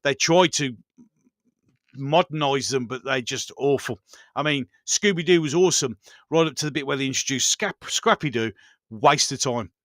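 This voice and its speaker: A man's voice: medium pitch, moderate pace, fairly bright tone, no echo, studio quality. A man hosting a casual live chat, greeting viewers and reminiscing with enthusiasm, often repeating himself and laughing. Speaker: livestream host.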